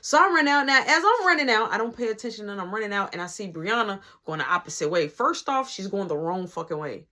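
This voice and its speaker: Young guy telling a wild story, high voice for a man, super lively, cussing a lot. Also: fast talker, few pauses. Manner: animated, swearing, quoting others. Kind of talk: casual storytime.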